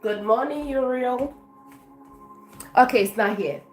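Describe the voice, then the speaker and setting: A woman's voice: on the high side, takes it slowly, faint music behind. A woman from Africa, a life coach, chatting effusively on a live stream and thanking her viewers by name.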